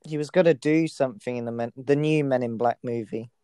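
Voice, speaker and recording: A man's voice: medium pitch, a little fast, warm tone, clear, resonant tone, dry recording. A man co-hosting a podcast who tells stories in casual chat, with a hesitant, rambling delivery. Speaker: podcast co-host.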